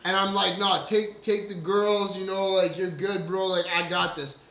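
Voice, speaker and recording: A man's voice: sits high, flat delivery, moderate pace, sharp tone. A man co-hosting a casual show, telling a story with swearing and laughter and acting out the lines of other people. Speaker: podcast co-host. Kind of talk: animated storytelling among friends. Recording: roomy echo.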